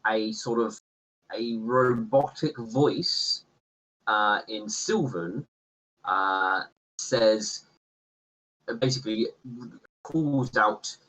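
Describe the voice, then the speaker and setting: A man's voice: fairly low pitch, drawn-out words, pauses often, fairly bright tone, low-quality recording. A man narrating a tabletop game as game master, hesitant and full of ums and uhs.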